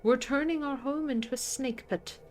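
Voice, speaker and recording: A woman voicing a pious, sharp-tongued older housekeeper who speaks in a prim, indignant way. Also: high voice, moderate pace, a little hiss or hum, lightly acted.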